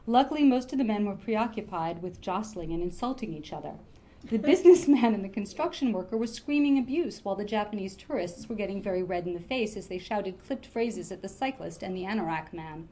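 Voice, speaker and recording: A woman reading a comic novel aloud in a lively, expressive way. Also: medium pitch, fairly quick. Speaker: reader.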